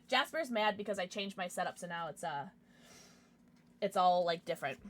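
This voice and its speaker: In a lowish, animated voice, a young woman livestreams casual chat from home. She bubbles over with excitement about her viewers and their gifts, darting rapidly between squeals and mumbles.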